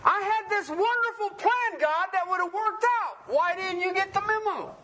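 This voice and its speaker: A man's voice: very high voice, moderate pace, pushed and bright. A man preaching a sermon in a folksy, joking way, often asking the congregation questions.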